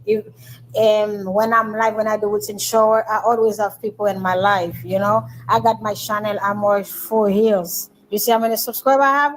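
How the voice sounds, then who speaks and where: A woman's voice: medium pitch, steady tone, moderate pace, slight background noise, poor audio. A woman with a Haitian Creole accent hosting a casual livestream, answering viewer comments in broken English mixed with Creole. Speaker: livestream host.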